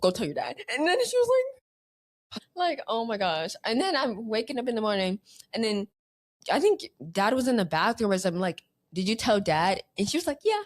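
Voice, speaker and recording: Young woman co-host, high voice swinging wildly, slangy animated storyteller. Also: fairly quick. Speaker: podcast co-host. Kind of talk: casual storytelling chat.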